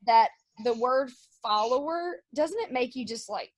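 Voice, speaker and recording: Female guest, casual interview chat, high and lively, dry recording. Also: unhurried, no echo. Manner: lively, chatty, jumps between topics.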